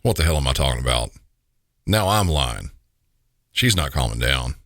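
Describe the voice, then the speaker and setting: Southern guy, super low voice, bright and dry, kinda wry storytelling. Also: big pitch swings, normal speed, no room sound. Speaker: podcast host. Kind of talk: scripted narration.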